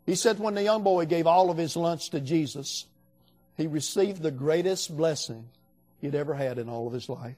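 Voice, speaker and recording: A man's voice: on the high side, normal speed, mellow, faint music behind. An older man preaching a sermon in a folksy, storytelling way, acting out the voices of the people he quotes.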